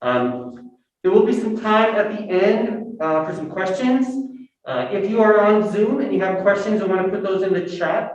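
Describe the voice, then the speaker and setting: A man's voice: high-pitched, a little mellow. A man hosting a reading series, casually introducing the authors with a rambling anecdote at an arts center. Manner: chatty, rambling, with restarts. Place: arts center event room, in person and on video call. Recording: echoey room, picked up from a distance, muffled.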